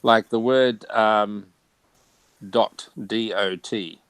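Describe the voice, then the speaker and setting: A man with an Australian accent in a relaxed, chatty conversation, laughing often. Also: fairly low pitch, moderate pace, vocal fry, no room sound, rough recording. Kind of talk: casual chat.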